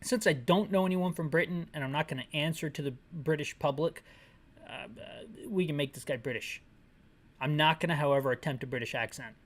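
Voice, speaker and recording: A woman's voice: low voice, brisk. A woman narrating a descriptive audio game playthrough with sarcastic, ranting asides. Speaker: game commentator.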